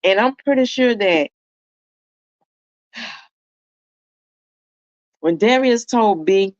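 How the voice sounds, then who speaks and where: A woman's voice: mid-range voice, lively intonation, very slow, no echo, dull audio. A woman commentator telling a story in a casual way, speaking straight to her viewers. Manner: talks straight to viewers, calling them y'all. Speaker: commentator reacting to a video.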